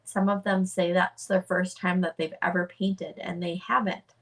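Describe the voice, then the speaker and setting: A woman chatting casually on a livestream about her art project, halting and full of fillers and restarts. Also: lowish voice, level tone, far from the mic. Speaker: artist livestreaming a charity project.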